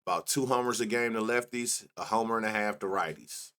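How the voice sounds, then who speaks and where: Low-voiced man muttering through baseball stats. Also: a little fast, a bit bright, clear, resonant tone. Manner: thinks aloud, reads off numbers, mutters, casual swearing. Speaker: sports betting show host. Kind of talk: casual solo stats rundown.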